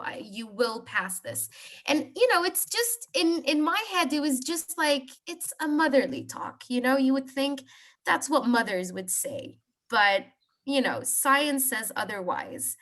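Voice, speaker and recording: Guest, woman, 30s; slow, hesitant testimony with a high, bright tone. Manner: hesitant, many fillers and restarts. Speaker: guest sharing a healing story. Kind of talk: personal testimony on a group call.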